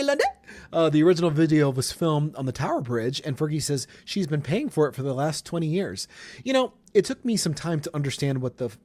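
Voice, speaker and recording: A man's voice: mid-range voice, a little mellow, no echo. A man hosting a podcast, chatting casually through celebrity news with wry asides and little chuckles. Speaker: podcast host. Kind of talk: casual pop culture podcast monologue. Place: Colorado studio.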